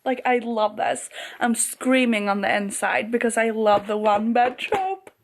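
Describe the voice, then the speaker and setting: A woman book vlogger reacting casually to a novel as she reads, gushing and excitable, often laughing. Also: a little high, a little slow. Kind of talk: casual reading reactions to camera.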